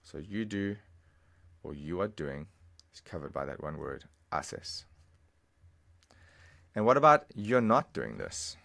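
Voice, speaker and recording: A man teaching a language lesson over a screen recording, patiently explaining and repeating phrases slowly, step by step. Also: low voice, big pitch swings, creaky, a bit bright.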